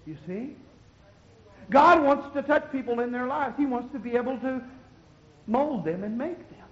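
A man preaching a fiery sermon as pastor, rising to shouted exhortation and dropping low again. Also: lively intonation, moderate pace, lo-fi sound.

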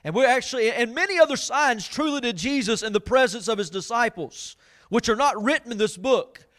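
A male pastor with a strikingly high-pitched voice delivers a fervent sermon. He reads scripture slowly and deliberately and calls on the congregation for an amen. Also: expressive, fairly bright tone. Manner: fervent preaching, asks the congregation for amens. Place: church service.

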